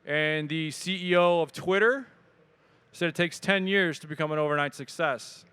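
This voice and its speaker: A man, answering questions from an audience at a live expo talk in a casual, joking, energetic way. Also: a little high, normal speed, clear, resonant tone. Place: event hall with audience.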